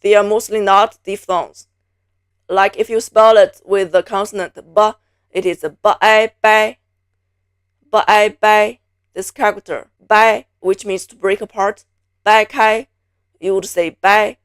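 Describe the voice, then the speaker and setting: A woman's voice: mid-range voice, steady tone, smooth, dry recording, studio quality. A woman from Beijing teaching a Mandarin pronunciation lesson, patiently repeating each sound several times. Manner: patient, drills sounds by repeating them slowly.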